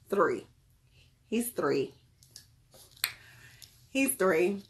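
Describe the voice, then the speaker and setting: A woman chatting casually and directly to her viewers, lively and often laughing as she talks. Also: medium pitch, very slow, pauses often. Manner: talks straight to the audience. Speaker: wellness vlogger.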